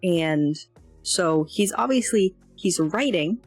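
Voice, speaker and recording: A woman's voice: fairly low pitch, lively intonation, slow, breathy edge, dry recording. Woman, casual lesson walkthrough, hesitant, self-deprecating, dry close mic, faint background music. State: yawning, tired. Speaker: language learner streamer.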